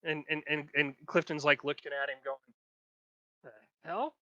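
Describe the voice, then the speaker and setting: A man's voice: fairly high pitch, flat delivery, fairly quick, bright, forceful tone, clear, resonant tone, dry recording, lo-fi sound. A man running a tabletop game as game master, narrating loosely with many restarts. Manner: rambling, restarts, acts out figures.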